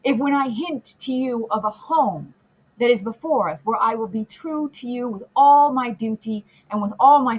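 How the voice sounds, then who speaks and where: A woman's voice: on the high side, husky, rough recording. A woman reading the lines of a tender young daughter in an audiobook, pleading and imploring in repeated phrases.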